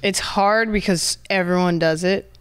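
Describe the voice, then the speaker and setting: A woman's voice: fairly low pitch, fairly even intonation, unhurried, clear, resonant tone. A woman guest on a podcast in loose, casual chat, swearing freely and saying "like" often.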